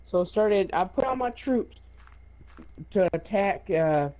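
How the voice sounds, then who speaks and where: A man's voice: sits high, expressive, slow, dark tone, rough recording. A man casually telling a boastful, profane story, rambling with lots of fillers and laughing as he goes. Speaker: gaming video creator.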